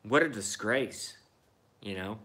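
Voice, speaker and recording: Thirties guy ranting and cussing, repeats himself a lot, slow and bright edgy voice. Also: fairly low pitch, expressive, husky. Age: 30s. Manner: profane, repetitive, indignant. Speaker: vlogger. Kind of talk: ranting monologue.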